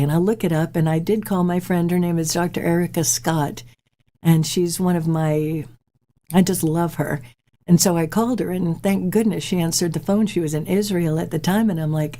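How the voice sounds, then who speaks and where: A woman in her forties hosts a talk show and tells a personal story in an open, searching way. Her voice sits fairly low and sounds warm and mellow. She often pauses and restarts as she reflects. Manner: candid, reflective, halting. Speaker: host.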